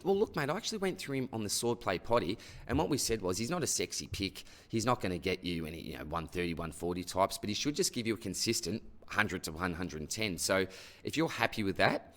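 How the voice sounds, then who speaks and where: Low-voiced Australian man, matey and chatty. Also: lively intonation, quick pace, fairly bright tone. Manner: matey and chatty, tags most sentences with "mate" or "buddy". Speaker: fantasy sports host answering listener questions. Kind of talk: casual mailbag Q&A.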